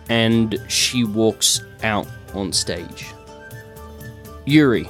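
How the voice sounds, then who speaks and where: Guy running a tabletop game, lively storytelling, some faint music behind. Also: on the low side, moderate pace. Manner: animated storytelling with hesitations. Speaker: game master.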